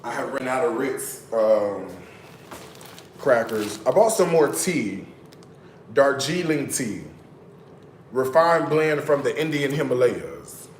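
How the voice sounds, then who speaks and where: A man's voice: mid-range voice, expressive, slow, long pauses, roomy sound, a little hiss or hum. Chatty man live-streaming from his kitchen. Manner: chatty, teasing asides to viewers. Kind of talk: casual live-stream chat. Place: home kitchen.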